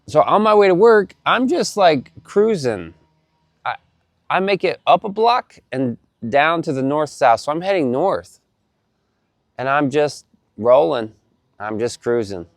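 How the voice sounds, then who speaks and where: A man casually telling a story to the camera, animated and profane, often repeating himself. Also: on the high side, a little slow, dry recording, clean studio sound.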